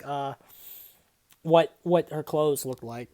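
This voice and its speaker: A woman's voice: lowish voice, moderate pace, warm tone, dry recording. A woman in her twenties doing a comedic dramatic reading, with exasperated, swearing asides. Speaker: host reading and reviewing a fanfic.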